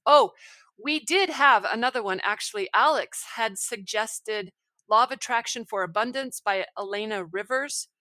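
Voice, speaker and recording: A woman with a slightly high voice hosts an online book club over a video call. She talks in an effusive way and often reads passages aloud. Her sound is close and dry, with almost no room in it. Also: sharp tone, no echo. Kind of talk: casual online meetup chat.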